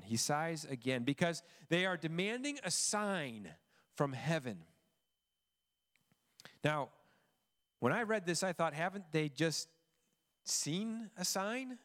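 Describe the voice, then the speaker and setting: A man preaching a sermon, expressive and emphatic, reading scripture and asking the listeners questions. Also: medium pitch, in a large hall. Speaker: pastor.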